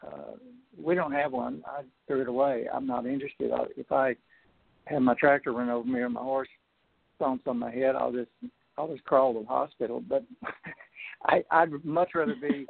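Male radio guest by phone; creaky, halting delivery, thin phone audio. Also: mid-range voice, fairly even intonation, dry recording. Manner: halting, many restarts and fillers. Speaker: guest, film producer. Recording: tinny phone line.

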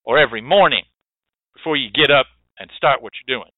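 A man's voice: medium pitch, brisk, no room sound. A man hosting a radio show, lecturing emphatically, swearing often and repeating his points. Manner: emphatic, repetitive, profane, preachy. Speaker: radio show host teaching hoodoo rootwork. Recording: tinny dry phone-like line.

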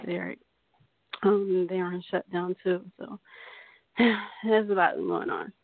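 A woman's voice: on the low side, sing-song, takes it slowly, gravelly, no room sound. A woman from California calling in to a radio show, talking hesitantly with many ums and restarts. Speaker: caller. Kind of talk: phone call to a radio show. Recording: dry tinny phone line.

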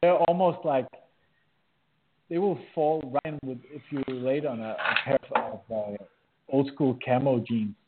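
A man with a Danish accent chats as a podcast guest, relaxed and effusive, with many filler pauses. His voice sits in the middle range. It comes through a thin, phone-like line. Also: medium pitch, a little hiss or hum. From Denmark. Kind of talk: casual chat.

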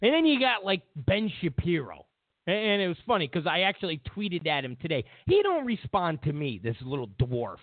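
A man delivers political commentary with a lively pitch that jumps all over the place, incredulous and repetitive. The sound is thin and phone-like, with a dry, close feel. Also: a little fast, dry recording. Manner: animated, incredulous, repeats himself. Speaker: host.

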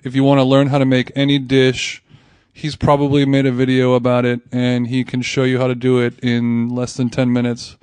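A man's voice: medium pitch, completely flat delivery, moderate pace, a little mellow, clear, resonant tone, no room sound. Laughing man hosting a food podcast. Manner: rambling, laughs often, trails into restarts. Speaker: podcast host. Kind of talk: casual chat.

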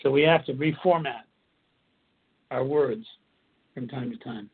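Husky guy explaining coping stuff, kinda repeats himself, sounds like a phone line. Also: mid-range voice, measured pace. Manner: earnest, repetitive, restarts phrases while explaining. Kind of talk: instructional talk. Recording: tinny phone-like audio.

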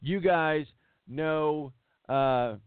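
A man's voice: a little high, very slow, smooth, dry recording. A man hosting a sports talk show, ranting bluntly and hammering words for emphasis. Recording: tinny phone-like dry sound.

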